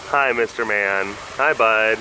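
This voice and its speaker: A man's voice: on the low side, slow pace, noisy background. A young man vlogging at a big cat enclosure, rambling through a story and acting out other voices. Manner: chatty, often acts out other voices, laughs a lot.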